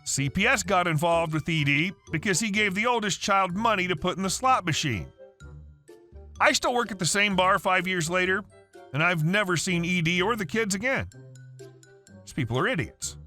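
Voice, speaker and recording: A man narrating reddit stories in an animated reading voice, with faint music behind. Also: high-pitched, normal speed.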